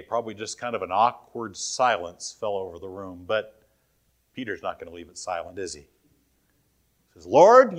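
A man's voice: medium pitch, a bit bright. Pastor guy preaching, lots of ups and downs in his voice, chatty, keeps asking the room stuff. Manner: conversational preaching, asks the congregation questions. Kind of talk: sermon.

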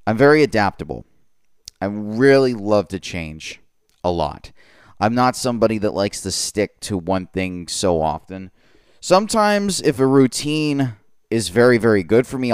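A man with a low, smooth and resonant voice talks through his thoughts in a relaxed solo podcast. He speaks earnestly and reflectively, sometimes tripping over a word and starting again. The sound is close and dry. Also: normal speed, no room sound. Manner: earnest, reflective, with occasional stumbles and repeats. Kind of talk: casual solo podcast monologue.

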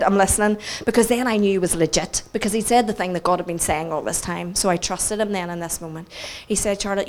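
A woman preacher with a Northern Irish accent and a medium-pitched voice tells a story during a sermon. She's animated and self-mocking, acting out the people she quotes.

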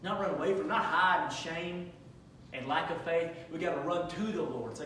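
A man in his thirties preaching a sermon to his church, moving from conversational talk to shouted exhortation. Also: high-pitched, quick pace, very echoey, far from the mic, slight background noise, low-quality recording. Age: 30s. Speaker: pastor. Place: church sanctuary.

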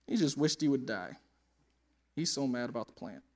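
A man preaching a sermon in an animated, conversational way, with laughing asides. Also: medium pitch.

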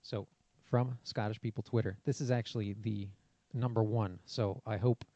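A man's voice: on the low side, steady tone, normal speed, mellow, dry recording. Laid-back man hosting a podcast. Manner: laid-back, laughs easily. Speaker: podcast host. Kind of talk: casual chat. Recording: dull lo-fi sound.

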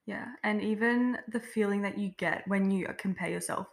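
A woman co-hosting a self-development podcast, talking in a relaxed, reflective way with many fillers. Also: medium pitch, moderate pace, gravelly. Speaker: podcast co-host. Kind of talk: casual podcast chat.

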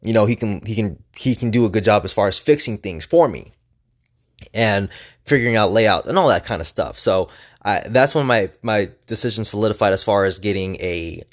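Young male vlogger, low-ish voice, loose rambling storyteller, heavy on fillers. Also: animated, normal speed. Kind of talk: casual storytelling.

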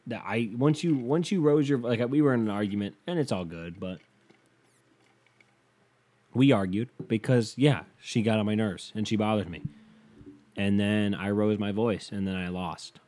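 A young man talks straight to the camera, his voice low-pitched and dark and mellow in tone. He rambles through a story in a loose, casual way, cursing freely and tripping over his sentences as he goes. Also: normal speed. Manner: rambling, profane, restarts a lot.

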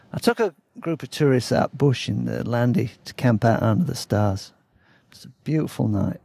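A man's voice: mid-range voice, creaky, warm tone, no room sound. A man telling a story in a casual, blunt way, swearing freely.

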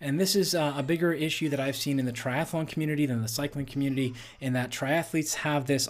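A man's voice: fairly high pitch, steady tone, fast, few pauses. A male athlete hosting a solo podcast, talking earnestly and conversationally with frequent fillers.

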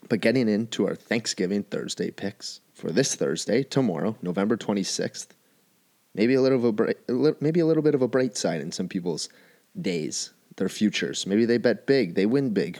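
Guy doing nfl picks solo, kinda low voice, hammers the same lines over and over. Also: fairly quick, a little mellow. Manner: emphatic, repeats key phrases. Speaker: sports betting show host. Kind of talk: solo sports picks commentary.

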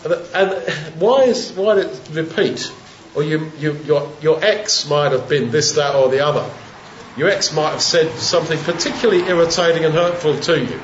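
A man delivers a sermon as relaxed storytelling, putting old scripture into plain everyday talk. His voice sits a little high for a man. The recording is roomy and muffled, with a faint hiss underneath. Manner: conversational storytelling, retelling scripture in plain modern speech. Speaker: preacher.

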